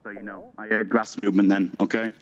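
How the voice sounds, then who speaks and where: A man's voice: fairly low pitch, little pitch movement, quick pace, dull audio. A man on in-game voice chat, chatty and joking, laughing as he talks. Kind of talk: playful in-game banter.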